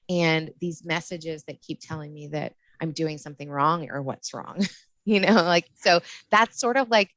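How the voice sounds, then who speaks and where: A middle-aged woman with a low voice talks about her doula work in a casual podcast interview. She sounds passionate and fired up, laughs often, and the recording is dry and close. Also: moderate pace, fairly bright tone, no echo. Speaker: postpartum doula and lactation counselor.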